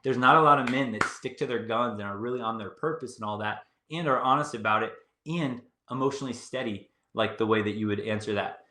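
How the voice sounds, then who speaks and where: A young man talks through dating advice in a confident, breezy coaching chat, often repeating his key points. His voice is bright and forceful, with a medium pitch. The recording has a roomy echo. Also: a little fast, hardly any pauses.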